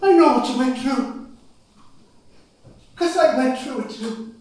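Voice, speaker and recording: An actor as a dying older father, soft halting voice, booming hall echo, heard from far off. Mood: remorseful. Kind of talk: amateur stage acting. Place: stage in a large hall. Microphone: far camera microphone.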